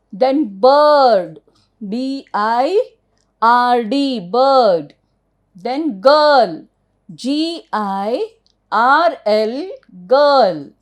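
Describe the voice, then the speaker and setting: A middle-aged woman with an Indian accent and a voice on the high side teaches English phonics to children. She spells each word out letter by letter and answers her own questions.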